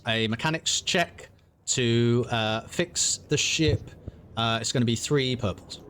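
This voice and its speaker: A man's voice: medium pitch, slow pace, a bit bright, slight background noise. A man running an online tabletop game as game master, explaining rules patiently with frequent ums and restarts.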